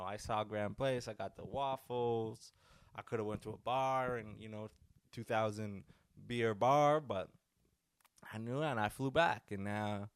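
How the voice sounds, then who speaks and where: A man's voice: lowish voice, clear, resonant tone, no echo, studio quality. A young man hosting a casual solo podcast, rambling loosely with lots of fillers and restarts. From North America. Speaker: podcast host.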